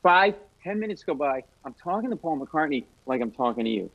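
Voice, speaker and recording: A man telling a comic story as a guest comedian, animated and self-mocking. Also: fairly high pitch, fairly quick, vocal fry, lo-fi sound.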